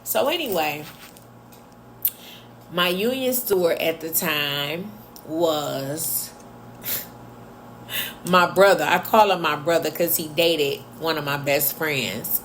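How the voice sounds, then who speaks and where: A woman's voice: low voice, takes it slowly, pauses often, a bit bright, slight background noise. A woman telling a workplace story in a casual, blunt and chatty way, with sarcastic asides. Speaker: vlogger.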